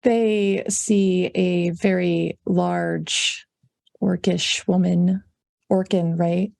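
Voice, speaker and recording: A woman player describing her character at a tabletop game in an unhurried way, pausing often with ums. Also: lowish voice, level tone, creaky, darkish tone, dry recording, clean studio sound. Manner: unhurried, with many ums and pauses.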